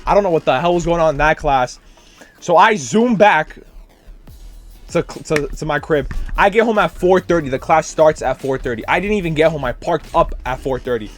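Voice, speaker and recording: Young male vlogger, slightly high voice, tired and rambling, casual storyteller, faint music bed. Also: normal speed. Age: young adult. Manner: rambling, animated retelling with many fillers. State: tired, drained. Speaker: student teacher.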